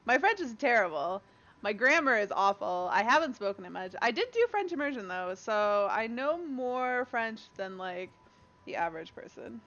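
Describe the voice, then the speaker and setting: A woman's voice: fairly high pitch, big pitch swings, moderate pace, a bit bright. A young Canadian woman streaming a game, chatting and laughing with viewers and a friend. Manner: chatty, laughs often, talks to chat and a friend. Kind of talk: casual gaming stream chat. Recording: dull lo-fi stream audio.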